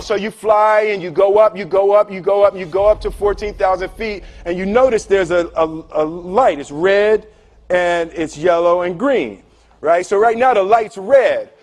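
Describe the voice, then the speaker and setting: A man giving a humorous motivational talk, telling a story with animated delivery, acting out voices, often laughing and checking in with "right?". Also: high-pitched. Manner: repeats words and tags lines with "right?". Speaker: speaker.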